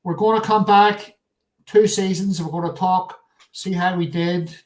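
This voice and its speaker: Male host, high-pitched, jokey, teasing banter in a casual live show. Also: steady tone, a little slow, poor audio.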